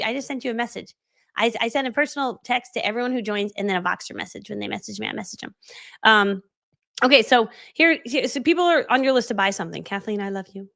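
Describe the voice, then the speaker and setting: A woman's voice: a little high, gravelly, a bit bright, no echo. A middle-aged woman hosting a live coaching stream, chatty and bubbly, laughing often and reading out viewer comments, close on a studio microphone. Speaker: business coach hosting a livestream. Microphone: studio dynamic microphone.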